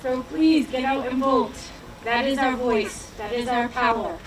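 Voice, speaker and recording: A woman's voice: fairly high pitch, fairly even intonation, unhurried. A woman emceeing an outdoor rally, chatty and informal as she introduces candidates and the next speaker. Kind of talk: announcing at a rally. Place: outdoor sports field rally. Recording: distant, echoey PA sound with crowd and noise.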